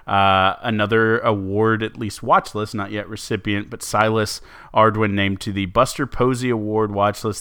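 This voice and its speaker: Chatty low-voiced man talking sports. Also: pushed and bright, smooth, no echo, clean studio sound. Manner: chatty, many fillers and restarts, laughs easily. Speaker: podcast co-host. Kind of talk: casual sports talk.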